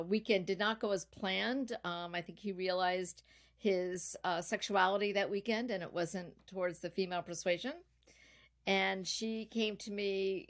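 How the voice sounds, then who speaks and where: A middle-aged woman, guest on a podcast interview, telling a long personal story in an animated, chatty way. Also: medium pitch. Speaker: podcast guest, business founder.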